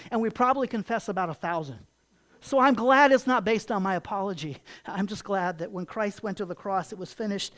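This is a pastor's emphatic sermon, thick with rhetorical questions and repeated key phrases, his voice rising in volume and pitch whenever he wants to emphasize something.

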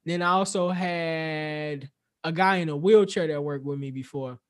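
A man's voice: fairly high pitch, fairly even intonation, unhurried. A young man co-hosting a podcast, chatting casually and telling stories with lots of swearing and quoted asides. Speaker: podcast co-host. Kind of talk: casual chat.

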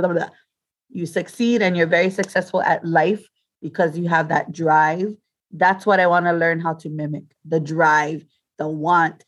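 A man, co-hosting a podcast in a rambling, halting way, often restarting his sentences. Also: fairly high pitch. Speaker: podcast co-host. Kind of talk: casual chat.

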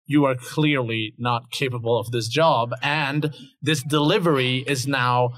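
A man's voice: mid-range voice, steady tone, unhurried, a bit bright, no room sound, studio quality, pitched below the performer's own voice, lightly acted. A man playing an irritated crime boss. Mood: impatient. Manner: gruff, impatient, swearing.

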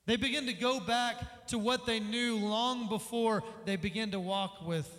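A man preaching a sermon as pastor, energetic, acting out the voices in the story he tells. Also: high voice, a little slow. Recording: long reverb of a large hall.

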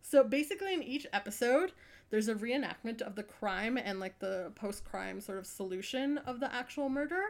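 A woman's voice: on the high side, animated, normal speed, vocal fry. A woman co-hosting a casual chat, enthusiastically recommending a show and swearing casually. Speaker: podcast co-host. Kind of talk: casual chat about true crime TV.

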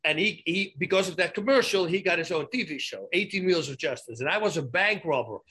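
A man being interviewed as a guest, telling lively anecdotes in a casual way, often restarting his sentences and adding emphatic asides. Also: high-pitched, fairly quick, husky. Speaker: guest, former fighter turned actor.

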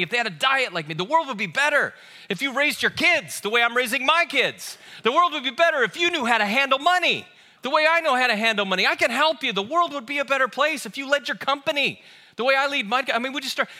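A male pastor preaches to a live congregation and spins humorous stories in a high voice. His tone is strikingly bright and forceful, and he keeps asking the room questions and turning to speak to them directly. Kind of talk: sermon. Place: church auditorium with a live audience.

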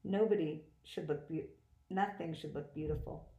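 A woman reading first-person novel narration aloud in a plain, steady manner. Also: deep voice, normal speed. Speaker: audiobook reader. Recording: roomy echo.

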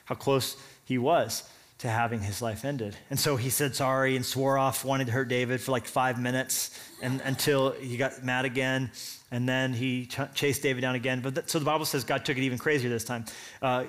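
A man preaching a sermon, telling a story with casual asides and acting out what each character says. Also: mid-range voice. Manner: animated storytelling, acts out characters' lines. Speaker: pastor.

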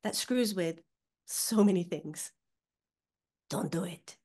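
Animated woman explaining like a teacher. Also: lowish voice, slow pace. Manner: animated, teaching tone, acts out quoted voices. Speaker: psychic medium guest. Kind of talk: casual podcast chat.

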